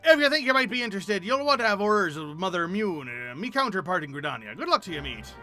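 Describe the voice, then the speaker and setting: A man voicing a hearty, rough-spoken middle-aged guildmaster with a put-on rough working-class English accent, gruff and salty. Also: sits high, very animated, quick pace, pushed and bright, faint music behind, pitched above the performer's own voice, exaggerated voice. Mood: brisk, friendly. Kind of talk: game dialogue read aloud in voices.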